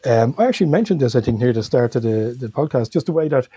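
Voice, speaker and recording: A man's voice: mid-range voice, animated, fast, dark tone, breathy edge, dry recording. A man talking as a guest on a podcast in a casual, rambling way, often correcting himself and chuckling.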